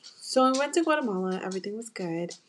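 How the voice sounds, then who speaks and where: Her mid-range voice is expressive and quick as she, a young American podcast host, opens up about a personal story. The talk is casual and confessional, candid and emotional, aimed directly at her listeners.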